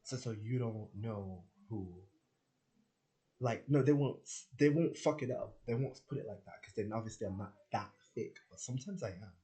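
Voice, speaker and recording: A man's voice: fairly low pitch, normal speed, warm tone. A man talking in a casual, rambling monologue, swearing freely and acting out quoted conversations. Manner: rambling and profane, with frequent fillers and voiced quotes. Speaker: spiritual vlogger.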